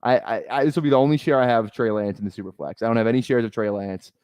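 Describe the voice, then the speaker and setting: A man's voice: medium pitch, fairly even intonation, very fast, a little mellow, clear, resonant tone, dry recording. Rambling young man on a stream. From Minnesota. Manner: rambling, joking, many fillers and restarts. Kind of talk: casual live-stream chat while drafting.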